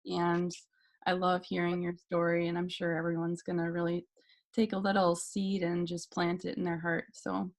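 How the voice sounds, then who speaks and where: A woman's voice: fairly low pitch, completely flat delivery, normal speed. A woman interviewer asking questions and thanking her guest, encouraging and laughing along. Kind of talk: casual interview.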